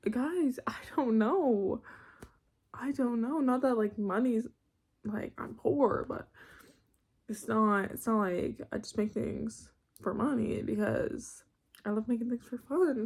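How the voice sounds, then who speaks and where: A woman's voice: a little high, expressive, takes it slowly, darkish tone, breathy edge. A young woman in university, ranting casually in her bedroom, rambling, cutting herself off and laughing often. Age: young adult. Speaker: vlogger.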